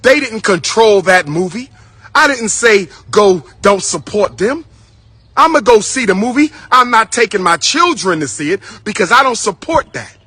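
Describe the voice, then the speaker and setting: Male commentator, bright, sharp voice, blunt repetitive rant to camera. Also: high voice, very animated, normal speed, husky, dry recording. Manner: blunt, emphatic, repeats himself, addresses listeners as brothers and sisters.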